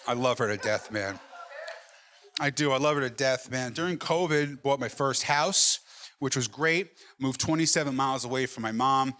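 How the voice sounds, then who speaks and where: Speaking at normal speed and medium pitch, with background noise behind him, a middle-aged man does stand-up at a comedy club in front of a live audience. His stories are brash and profane, peppered with "right?" asides.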